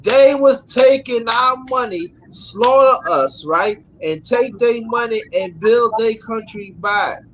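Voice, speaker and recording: A man's voice: very high-pitched, takes it slowly, few pauses, a bit bright, poor audio. A man with a New York accent in casual panel talk. He speaks emphatically and often repeats words as he builds a point. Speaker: panel guest on a talk stream.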